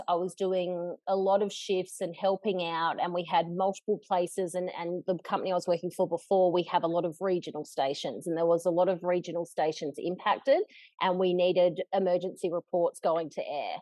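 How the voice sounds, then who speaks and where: A woman in her thirties with an Australian accent, a journalist chatting casually as a podcast guest in a relaxed, easygoing way. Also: fairly low pitch, normal speed, no room sound. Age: 30s.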